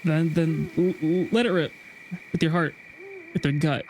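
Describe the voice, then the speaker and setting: A man's voice: a little high, steady tone, normal speed, darkish tone, slight background noise. A man streaming a game, chatting casually and reading a game guide aloud with frequent restarts. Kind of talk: casual gameplay stream chat.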